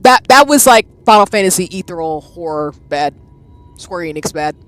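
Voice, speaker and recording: A woman in her thirties streaming a game live, reacting with loud exclamations and chatting with her viewers. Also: lowish voice, expressive, moderate pace, no room sound, faint music behind. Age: 30s.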